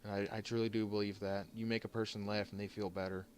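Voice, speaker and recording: A man's voice: on the low side, level tone, slight background noise. Choked-up man giving a heartfelt thanks. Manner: halting and heartfelt, many restarts and pauses. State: choked up, holding back tears. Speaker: streamer thanking viewers. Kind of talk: emotional off-the-cuff thank-you vlog.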